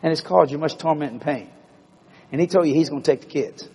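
A man's voice: fairly high pitch, fast talker, breathy edge, in a large hall. A man preaching a folksy storytelling sermon and acting out dialogue. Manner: folksy, animated, acts out dialogue.

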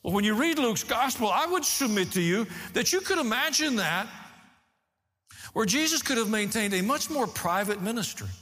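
A man preaching a sermon as pastor, animated, rising and falling as he teaches. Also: high-pitched, moderate pace, long reverb tail.

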